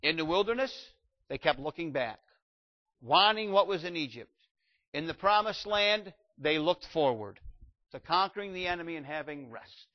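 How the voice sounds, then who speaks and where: Fifties male preacher, high-ish voice, loud exhortation then soft storytelling, muffled lo-fi recording. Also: expressive, normal speed. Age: 50s. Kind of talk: sermon. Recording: dull lo-fi recording.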